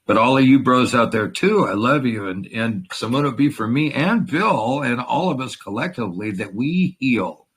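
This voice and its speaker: A man's voice: mid-range voice, lively intonation, moderate pace, few pauses, fairly bright tone, slightly rough. A man who is a veteran, talking in a rambling, profane and emotional way in a casual chat. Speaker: veteran in a conversation.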